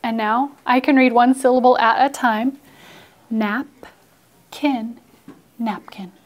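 A woman teaching a phonics lesson to a class, playfully dramatic and coaxing, with sighs and hushed asides. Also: on the high side, fairly even intonation, slow pace.

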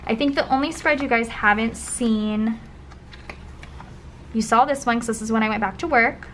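A young woman flipping through her old planner spreads in a casual vlog, often trailing into soft, breathy gushing asides. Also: fairly high pitch, moderate pace. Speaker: planner vlogger. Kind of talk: casual flip-through commentary. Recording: faint background noise.

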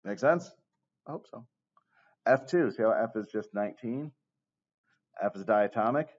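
Low-voiced male teacher, casual and joking, heard on a dull lo-fi recording. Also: expressive, normal speed, husky. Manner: casual, jokey asides, keeps checking with "okay?". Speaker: chemistry teacher. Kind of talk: recorded classroom lecture.

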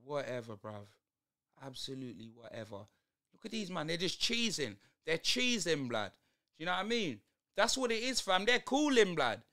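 A man's voice: high-pitched, very animated, normal speed, bright, forceful tone. A young man ranting through a live football watch-along, heavy on street slang and exasperation.

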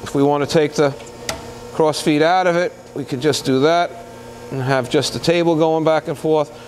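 A man working as a used machinery dealer walks through a machine in an unscripted product demo. He talks in a plain, halting way, pausing with lots of fillers as he goes. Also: a little high, steady tone, a little hiss or hum. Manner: plain-spoken, halting, pauses with many fillers. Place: indoor machinery shop floor.

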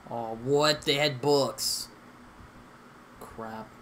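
A man's voice: medium pitch, fairly even intonation, extremely slow, a bit bright, a little hiss or hum. A young man hosting a gaming session, chatting casually with friends in a rambling, hesitant way full of fillers and restarts. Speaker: gaming channel host.

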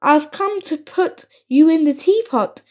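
A woman's voice: sits high, animated, measured pace. Woman doing a sly komodo dragon villain. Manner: scheming, then frantic and shouting when burned. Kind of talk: storybook reading.

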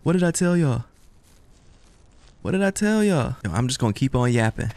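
A young man playing a horror game on stream, joking loudly with his viewers. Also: medium pitch, big pitch swings, moderate pace, creaky, dry recording. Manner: joking, playful and loud, talking to viewers. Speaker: gaming streamer.

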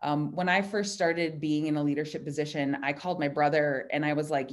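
A woman speaks on a video call, chatty and animated as she walks through leadership ideas. Her voice sits a little low for a woman, and she drops into lively quoted asides. It sounds like a computer mic. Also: brisk, few pauses. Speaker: design director speaking at a virtual happy hour. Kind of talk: casual talk on leadership.

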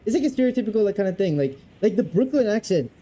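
A man's voice: high-pitched, expressive, racing, mellow. A man with a Canadian accent chatting casually while streaming a game, rambling and breaking into laughter. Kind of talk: casual gaming chat.

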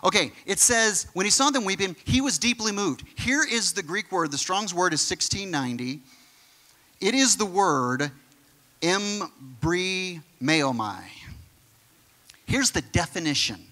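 Male pastor, high bright voice, lively conversational sermon delivery. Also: measured pace. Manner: animated, conversational preaching with acted-out quotes.

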